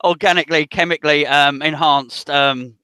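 A man's voice: fairly high pitch, fairly even intonation, moderate pace, a crowd in the background. A man from East London with a London accent, a jokey podcast guest who stumbles and repeats words. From East London, England. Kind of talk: casual podcast chat.

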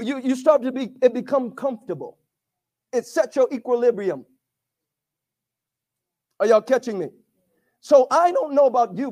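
Very high-pitched preacher guy, calls out to the church, gets loud. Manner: call-and-response preaching, rising to shouts. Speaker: pastor. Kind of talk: sermon.

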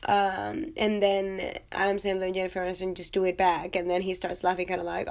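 A woman's voice: mid-range voice, flat delivery, normal speed, vocal fry. Chatty woman reviewing a film. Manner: chatty, blunt, swears, rambling asides. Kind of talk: casual chat.

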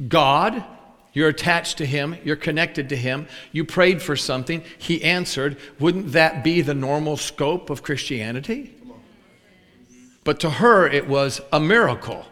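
A male preacher telling a story in a sermon, acting out the voices of the people in it. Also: a little high. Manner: animated storyteller acting out both sides of a dialogue. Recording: long hall reverb.

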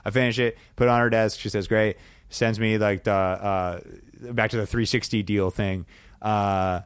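A man chatting casually on a comedy podcast, rambling and self-deprecating with quick asides. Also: on the low side, clear, resonant tone, no room sound. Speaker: podcast guest, comedy writer.

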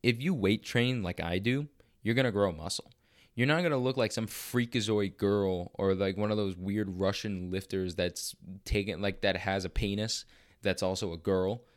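A young man hosting a podcast, talking in a crude, boastful, profanity-laced casual monologue. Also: fairly low pitch. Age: young adult. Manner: bursts of fast, excited talk. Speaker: podcast host.

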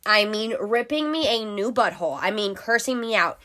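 A woman's voice: medium pitch, animated, moderate pace, few pauses, sharp tone. A young woman hosting a podcast, telling a story in a casual, chatty way and swearing freely. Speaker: podcast host.

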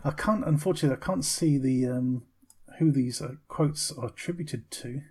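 A man's voice: medium pitch, normal speed, a little mellow, slightly rough. A man co-hosting a casual film review podcast, talking with many ums and restarts. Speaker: podcast co-host.

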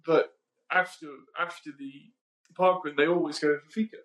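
A man's voice: a little high, steady tone, moderate pace, fairly bright tone, reverberant. A man hosting a podcast, chatting casually and rambling with frequent ums and self-corrections. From United Kingdom. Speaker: podcast host. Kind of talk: casual conversational podcast chat.

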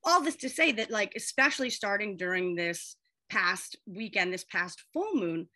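A woman's voice: medium pitch, expressive, moderate pace, sharp tone. A woman guest on a podcast, an astrologer and comedian chatting casually, joking, swearing and rambling.

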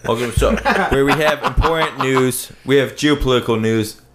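A man's voice: medium pitch, brisk, very noisy. A man co-hosting a podcast, chiming in with dry, sarcastic asides. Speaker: podcast co-host. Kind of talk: casual chat.

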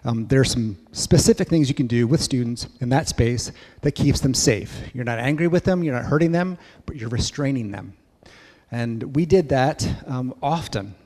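A man telling a story in a sermon at church, lively and acting out voices. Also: medium pitch, moderate pace, long reverb tail. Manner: animated storyteller, acts out kids' voices. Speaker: church speaker.

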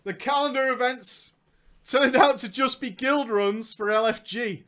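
Brief: young male storyteller, high bright voice, sarcastic comic delivery. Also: measured pace. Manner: sarcastic, jokey, laughs often. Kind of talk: comedic gaming storytime.

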